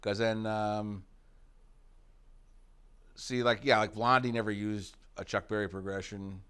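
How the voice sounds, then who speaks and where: A man's voice: on the low side, little pitch movement, unhurried, fairly bright tone, clean tone. A middle-aged man from the United States, a rock guitarist being interviewed, talking in a rambling way with many fillers and asides. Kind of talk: casual interview reminiscing.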